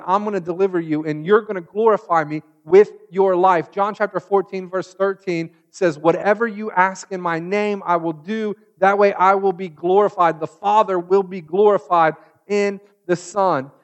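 Male preacher with a high voice, sermon delivery, loud retellings and a hushed close. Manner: builds to loud mocking retellings, then drops to a hushed close.

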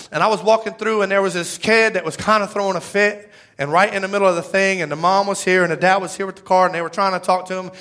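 A man preaching a conversational sermon, with a lively drawl and frequent "right?" asides. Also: high-pitched. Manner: energetic, conversational, tag questions. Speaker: pastor.

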